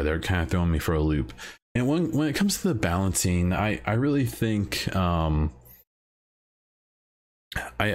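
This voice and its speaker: Very deep-voiced rambling male podcaster. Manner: rambling, many "uh" fillers and restarts. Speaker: podcast host. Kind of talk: casual solo podcast talk.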